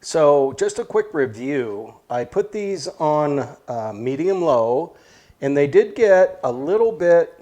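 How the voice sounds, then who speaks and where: A man's voice: medium pitch, dark tone. A man hosting a casual cooking vlog, talking plainly and thinking aloud as he goes. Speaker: cooking channel host.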